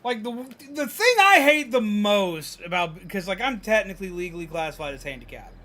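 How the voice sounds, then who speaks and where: A young gamer rants on his livestream, cursing without restraint and mimicking people in mocking voices. He talks fairly quickly in a high-sitting voice, and the whole thing is a loose, animated rant while he plays.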